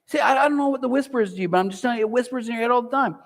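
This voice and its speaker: A man preaching a sermon as pastor, animated, sometimes acting out a whispering inner voice. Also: extremely high pitch, racing. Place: large church auditorium. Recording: long hall reverb.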